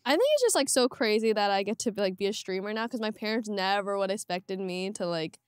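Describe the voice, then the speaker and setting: A woman's voice: medium pitch, fast, clean tone, no room sound, clean studio sound. Chatty, upbeat young woman guest. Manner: chatty and upbeat, many "like" fillers. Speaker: podcast guest, streamer. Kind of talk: casual chat.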